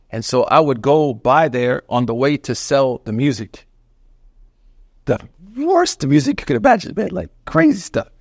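A man's voice: medium pitch, no room sound, studio quality. A middle-aged man from Oklahoma, a Muslim preacher giving a lecture to a congregation, telling stories animatedly with slang and humor. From Oklahoma, USA.

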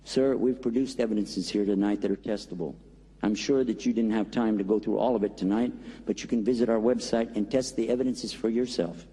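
Husky preacher in an echoing hall. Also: male voice, lowish voice, fairly even intonation, dark tone. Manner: earnest, pleading, drawn-out emphasis. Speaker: Muslim preacher. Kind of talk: preaching talk with acted-out story.

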